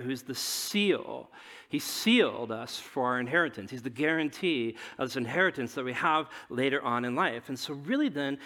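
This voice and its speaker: A man with a slightly high voice preaches to a congregation, keeping his sermon conversational with frequent questions to the room. He swings from emphatic declarations to hushed asides. The sound trails off in a long hall reverb. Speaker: pastor.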